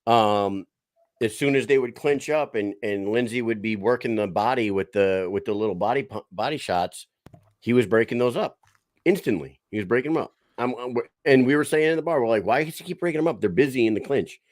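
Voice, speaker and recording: A man's voice: mid-range voice, brisk, no room sound, clean studio sound. Blunt, exasperated man on a podcast. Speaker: podcast co-host. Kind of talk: casual podcast chat.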